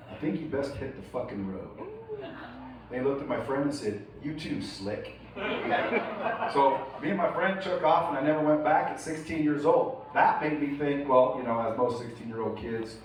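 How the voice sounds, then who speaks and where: A man's voice: medium pitch, fairly quick, background noise. Man giving a profane motivational speech. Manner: casual, profane, storytelling, laughs often. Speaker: keynote speaker. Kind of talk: motivational speech to a live audience. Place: large indoor event hall. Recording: echoey hall recorded from far off.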